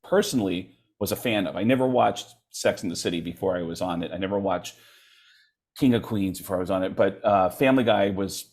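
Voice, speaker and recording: Animated middle-aged male comedian storytelling. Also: low voice, a little fast. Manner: animated storyteller, acts out quotes. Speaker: comedian and voice actor, interview guest. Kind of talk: casual storytelling interview.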